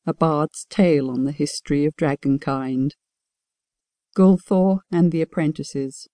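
A woman narrating a fantasy audiobook in an even, measured reading. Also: deep voice, no room sound, clean studio sound.

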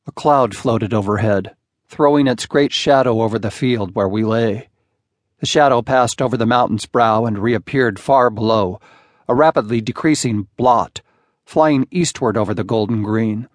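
A man narrating a classic short story in a measured, unhurried audiobook reading on a close studio mic. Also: medium pitch, no room sound.

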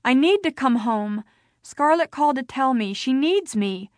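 A teenage girl begging urgently to come home, as a woman narrator puts her on. The voice is fairly high and pressing, recorded dry and close. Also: lively intonation, a little slow, dry recording. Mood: pleading. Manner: urgent, pleading.

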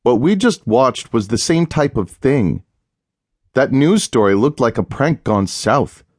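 A man's voice: mid-range voice, expressive, measured pace, a little mellow, dry recording, pitched above the performer's own voice. Man voicing a smug, easygoing husband. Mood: wry. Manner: dry, amused, matter-of-fact. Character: laid-back, teasing husband, unbothered and smug.

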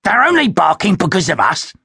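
A pragmatic male Vampanese in a dark fantasy audiobook, pitched high and pressing his companion to move on, as a narrator puts him on. The tone is urgent but level-headed, with a husky edge and a dry, close sound. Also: huge pitch swings, a little fast, no echo, full character voice.

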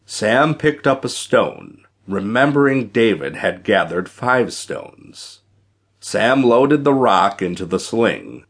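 Guy narrating an audiobook, low voice, lots of ups and downs. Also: sing-song, slow, breathy edge. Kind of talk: scripted narration.

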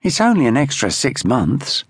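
A man voicing a weary young male conscript soldier who coaxes and pleads in a gruff, fatherly way. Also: mid-range voice, huge pitch swings, normal speed, no echo, clean studio sound. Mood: weary coaxing.

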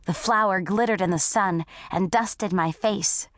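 Unhurried woman narrating an audiobook. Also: medium pitch, a bit bright, dry recording, studio quality. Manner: first-person storytelling, unhurried. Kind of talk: scripted narration.

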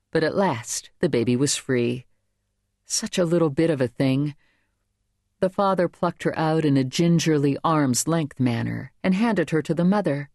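A woman narrates a contemporary novel in a lively, rising-and-falling voice. She reads with a close mic in a dry, dead studio, shifting her pitch for the characters' lines. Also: no echo. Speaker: audiobook narrator. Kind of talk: scripted narration.

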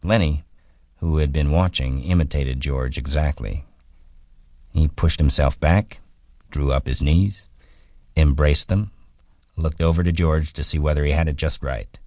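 A man reading a novel aloud as an audiobook narrator, calm and measured, on a close studio mic. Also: rumbling low, no room sound. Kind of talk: scripted narration.

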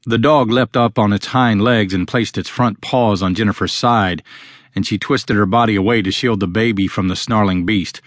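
A man narrating a novel as an audiobook, reading steadily and in a measured way. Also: on the low side, fairly even intonation, no echo, studio quality. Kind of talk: scripted narration.

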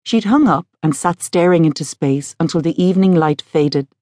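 A woman narrating a novel in a calm, measured audiobook style. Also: low voice, dry recording, studio quality. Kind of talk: scripted narration.

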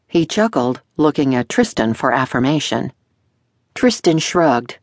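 Low-voiced woman narrating expressively. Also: measured pace, no echo. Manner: expressive, melodic storytelling. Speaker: audiobook narrator. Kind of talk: scripted narration.

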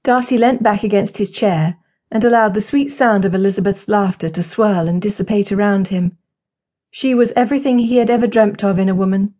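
A woman narrating a romantic historical audiobook in measured, gentle scripted narration. Her voice is warm and mellow, sitting at an ordinary middle pitch.

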